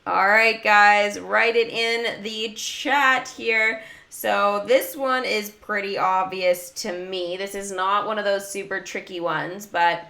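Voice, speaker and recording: A woman's voice: medium pitch, fairly even intonation, takes it slowly, creaky, hardly any pauses, bright, forceful tone. A woman casually commenting on a mobile game in a livestream, chatting with her viewers. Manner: chatty, talks to chat and viewers. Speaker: gaming livestreamer.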